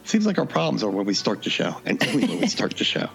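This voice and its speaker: Male podcast co-host, gravelly and low, lively joking delivery, music faintly behind. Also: fast, low-quality recording. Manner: joking, laughs often. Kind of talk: casual podcast banter.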